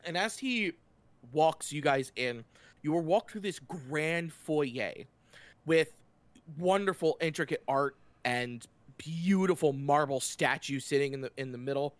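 A man game master narrating a tabletop game in a casual, halting way. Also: fairly high pitch, dry recording.

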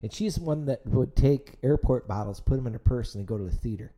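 Dark-voiced man chatting haltingly. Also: mid-range voice, rough recording. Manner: halting, repeats himself, many fillers. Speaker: podcast co-host. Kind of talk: casual chat.

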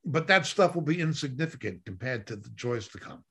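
A man's voice: medium pitch, expressive, fairly quick, pushed and bright. A man preaching a Bible study sermon, driving his points home with emphatic repetition. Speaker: Bible teacher. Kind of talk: sermon teaching.

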